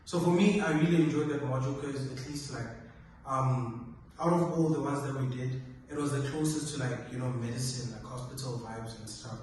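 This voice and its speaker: A man's voice: mid-range voice, brisk, a little hiss or hum. A young man, a medical student chatting casually and rating his modules. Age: young adult. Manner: relaxed, filler-heavy rating talk. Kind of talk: casual chat. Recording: echoey room, distant mic.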